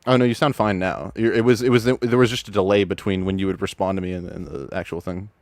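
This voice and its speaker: A man hosting a live stream, chatting casually with viewers, excitable and stammering, swearing freely. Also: deep voice, fast, no room sound. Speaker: streamer host judging videos.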